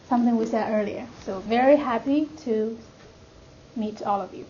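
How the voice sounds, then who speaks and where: A woman's voice: fairly high pitch, normal speed, dark tone. A woman from China with a Chinese accent, giving a classroom lecture as a language instructor, patiently checking that students follow. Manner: explains patiently, checks understanding with "right?". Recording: muffled classroom recording with background noise.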